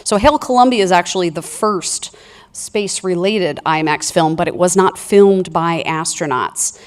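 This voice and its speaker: Woman, lowish voice, panel moderator, steady questioning. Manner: measured, asks long questions.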